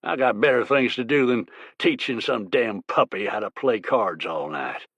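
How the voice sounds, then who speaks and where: A man voicing a drunk, belligerent bullwhacker who slurs and growls slowly. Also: mid-range voice, fairly bright tone, husky, no echo. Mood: snarling. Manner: slow, slurred, snarling.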